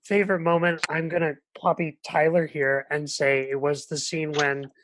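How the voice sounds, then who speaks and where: A man's voice: on the high side, flat delivery, normal speed, a bit bright, slight background noise, low-quality recording. A man co-hosting a podcast roundtable, speaking sincerely and a little hesitantly. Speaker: podcast co-host. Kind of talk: roundtable chat.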